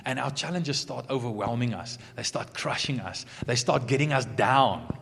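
A man giving an earnest sermon, moving between emphatic points and soft asides. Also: medium pitch, moderate pace, creaky, slightly rough. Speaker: preacher. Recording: long hall reverb.

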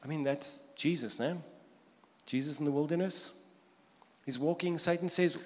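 A man's voice: a little high, normal speed, pauses often, big-room sound. A man preaching a sermon in a conversational way, now and then acting out quoted voices.

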